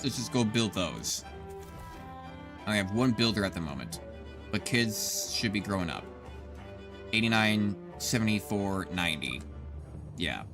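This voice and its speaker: A man in his thirties giving casual, rambling gameplay commentary as a streamer, swearing often and talking to his chat. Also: on the low side. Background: background music.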